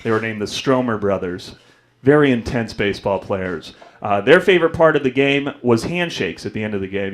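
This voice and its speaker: A man's voice: animated, normal speed. A young adult man doing a stand-up comedy set on a club stage, telling stories and acting out other people's voices. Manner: storytelling, acts out voices with big pitch jumps.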